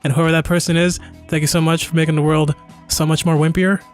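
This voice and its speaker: A young man with a slightly high voice jokes his way through a casual advice chat, rambling in loose, slangy talk. Faint music plays underneath. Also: level tone, fast talker. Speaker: co-host.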